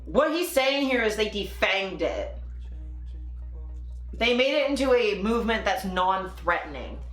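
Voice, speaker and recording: A woman's voice: medium pitch, big pitch swings, measured pace, echoey room, faint music behind. A woman hosting a live political commentary stream, reacting angrily with sarcasm and swearing. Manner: angry, profane, sarcastic. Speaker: political livestream host.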